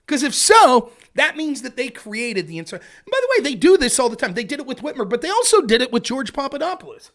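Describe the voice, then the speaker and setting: Animated high-pitched male stream commentator. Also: a little fast, few pauses. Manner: animated and profane, keeps asking "right?". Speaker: live-stream political commentator. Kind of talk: casual ranting commentary. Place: home streaming setup.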